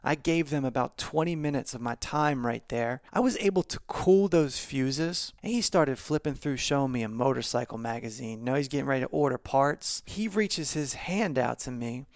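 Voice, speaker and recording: A man who hosts a podcast and is a former police officer, telling his stories in a candid, energetic, conversational way. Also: medium pitch, gravelly, no echo, clean studio sound. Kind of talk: storytelling monologue.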